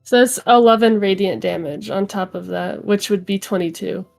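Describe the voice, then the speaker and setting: A woman playing a tabletop game, speaking slowly and deliberately in character. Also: medium pitch, vocal fry, over music. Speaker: player. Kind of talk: tabletop role-play.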